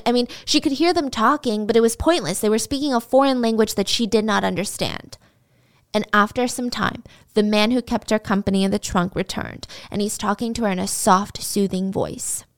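Chatty young woman telling a crime story. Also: mid-range voice. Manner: animated, chatty, dramatic retelling. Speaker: podcast host. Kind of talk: casual true-crime storytelling.

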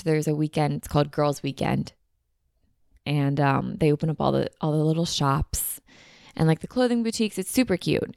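A young woman hosting her own podcast, chatting in a bubbly, rambling way that is full of "like" and side tangents. Her voice sits a little low and has a gravelly fry. The sound is close and dry. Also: darkish tone, dry recording. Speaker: podcast host. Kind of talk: casual rambling monologue. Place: recording outdoors at a beach house.

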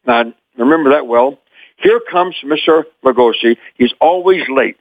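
An older man from Memphis, Tennessee, telling animated stories as an interview guest and chuckling often. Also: medium pitch, moderate pace, no room sound, phone-quality sound. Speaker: guest, former child actor. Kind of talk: anecdotal storytelling.

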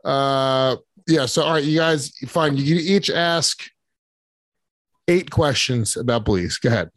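Loud sweary podcast guy, dry studio sound, mid voice. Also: mid-range voice, a little slow, no echo. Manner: profane, boisterous, swears constantly. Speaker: podcast co-host. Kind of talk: crude casual banter.

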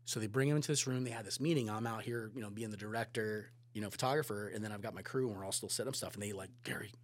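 Rapid-fire and fairly low-pitched, this man is a photographer guesting on a podcast. He rambles through casual anecdotes, voicing the quoted dialogue as he goes.

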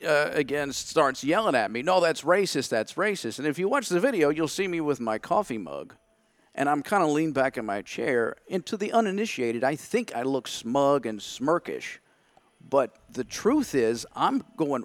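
A man's voice: mid-range voice, dry recording. A man, a podcast guest, telling his side of a story candidly and acting out his own thoughts in quotes.

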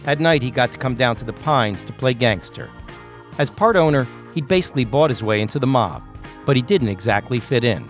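A man's voice: mid-range voice, lively intonation, brisk, soft background music. Male narrator of a true-crime podcast. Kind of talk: scripted narration.

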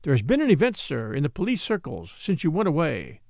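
A man's voice: fairly high pitch, wildly swooping pitch, fairly quick, gravelly, a little mellow, no room sound, studio quality, exaggerated voice. A man voicing an elderly male house steward who is stubborn, fussy and loyal, in an audiobook reading. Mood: earnest warning. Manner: obstinate, fussy and respectful.

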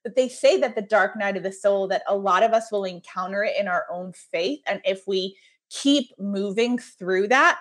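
A woman's voice: medium pitch, normal speed. A woman author speaking as a podcast guest, talking in an earnest, reflective way with many filler words. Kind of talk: casual conversation.

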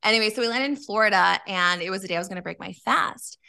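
A woman tells a personal story in a loose, candid way, with plenty of swearing. Her voice is bright and has a gravelly, fried edge to it. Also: mid-range voice, fast. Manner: candid, animated, swears freely. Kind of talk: casual storytelling chat.

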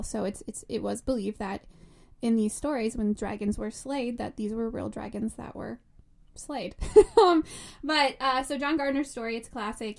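Woman, casual book chat, enthusiastic, laughs often, slightly high voice. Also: gravelly, a little mellow. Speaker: book discussion co-host.

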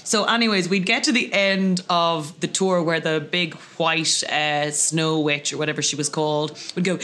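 A woman in her thirties, a comedian guest telling lively comic anecdotes over lunch and slipping into voices. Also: deep voice, normal speed, hardly any pauses.

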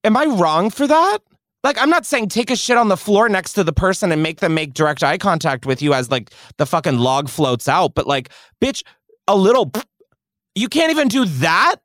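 A man's voice: sits high, very animated, moderate pace, fairly bright tone, no echo. A podcast host, a man whose voice swoops up and down as he rants in theatrical, foul-mouthed outrage. The studio sound is dry and close, with no room around him. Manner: dramatic, profane, exaggerated outrage. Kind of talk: casual comedic rant.

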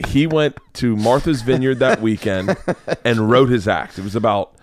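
Speaking at normal speed with a medium-pitched voice, this podcast host and comedian tells a rambling story in casual conversation. He swears and laughs often.

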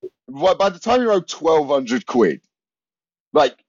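A man's voice: fairly high pitch, big pitch swings, a little slow, no echo, muffled recording. A man, a comedian, telling rambling anecdotes in casual chat, laughing and restarting often. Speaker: comedian guest.

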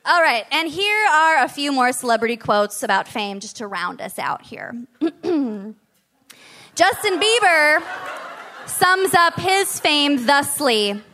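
A woman's voice: high-pitched, very animated, slow, pushed and bright. A woman co-hosting a live podcast, chatting casually and reading quotes aloud with laughing asides. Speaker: podcast co-host. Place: live stage show.

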